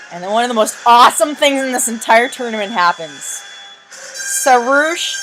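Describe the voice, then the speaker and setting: A woman giving chatty, excitable commentary over a video, jumping in with quick asides. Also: a little high, faint music behind, low-quality recording.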